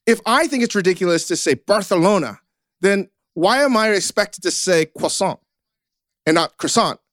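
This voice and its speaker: A rambling, self-mocking American man hosting a podcast with casual swearing. His voice sits high, recorded close and dry. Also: animated, normal speed, a bit bright, no echo. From United States. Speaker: podcast host. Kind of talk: casual chat.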